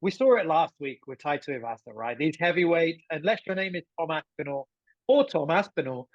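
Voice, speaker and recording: A man's voice: on the high side, lively intonation, brisk, no echo. A man co-hosting a podcast in casual chat, chatty and thinking aloud with plenty of fillers. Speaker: podcast co-host. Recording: dull lo-fi sound.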